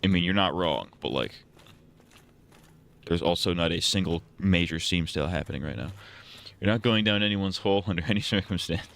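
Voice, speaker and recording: A man's voice: low voice, fairly quick, a bit bright. A man streaming a game live, rambling through jokes and poking fun at himself. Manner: rambling, joking, self-mocking. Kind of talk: casual live-stream gaming commentary.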